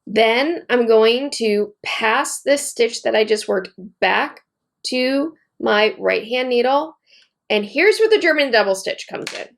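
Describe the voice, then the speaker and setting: A knitting teacher demonstrates a technique step by step, narrating each move while she works and repeating key points in a methodical way. Her voice is a little high with a noticeable gravelly fry.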